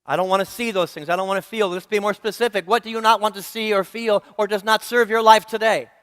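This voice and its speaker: Male preacher, earnest and repetitive, quizzes his congregation; high voice in a reverberant church. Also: steady tone, fast talker, a bit bright, smooth. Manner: earnest, rhythmic repetition, asks the congregation questions. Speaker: minister. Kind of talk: sermon. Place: church sanctuary.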